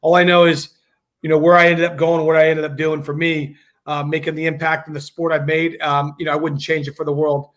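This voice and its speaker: A man's voice: on the high side, little pitch movement, brisk, fairly bright tone. A man guest on a casual video-call chat, talking in a rambling way with many fillers and restarts. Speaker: guest bowler.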